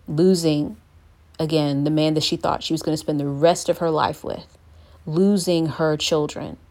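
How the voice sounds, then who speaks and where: A young woman giving an earnest Christian devotional talk, sometimes acting out the voices she quotes. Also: deep voice. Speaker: Christian speaker.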